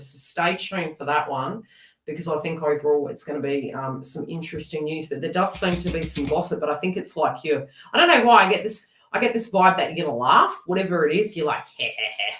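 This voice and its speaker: A woman reads tarot live in a lively, chatty way, laughing as she talks to her viewers. Her voice sits a little low and sounds set back from the mic in an echoey room. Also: quick pace, distant mic. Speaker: tarot reader.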